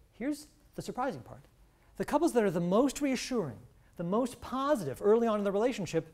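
A woman's voice: mid-range voice, mellow. A woman professor giving an earnest talk, explaining her research with some restarts. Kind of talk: scripted talk on couples' health.

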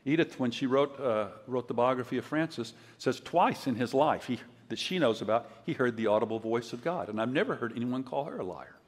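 An older man giving a conference sermon, telling stories in a conversational way and acting out quotes loudly. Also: medium pitch, brisk, few pauses. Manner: conversational storytelling, loud acted quotes. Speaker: preacher. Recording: long hall reverb.

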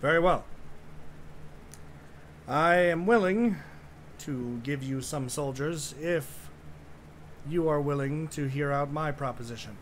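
Guy doing a bossy 13 yr old boy king, higher and louder, all formal. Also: slow, long pauses, a little hiss or hum. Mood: measured. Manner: formal, regal speech. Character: young boy king, thirteen, proud and commanding.

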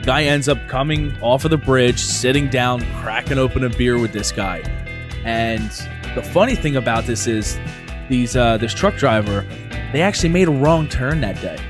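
New man, podcast co-host, loose animated storyteller over music. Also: mid-range voice, moderate pace. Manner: animated storyteller, lots of "uh" and laughs. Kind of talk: casual chat, telling news stories.

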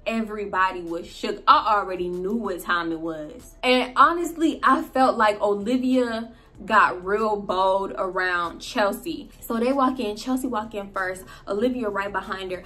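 A woman vlogger in the middle of a story, talking casually and with a lot of energy. Her speech is loaded with slang and profanity, and she throws in quick laughing asides. Her voice sits at a middle pitch. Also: bright, forceful tone.

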